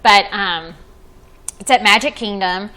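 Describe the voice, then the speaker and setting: Bright-voiced woman podcast host. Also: mid-range voice, a little slow, poor audio. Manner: chatty, laughs often, explains plans step by step. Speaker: podcast host and vacation planner. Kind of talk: casual chat.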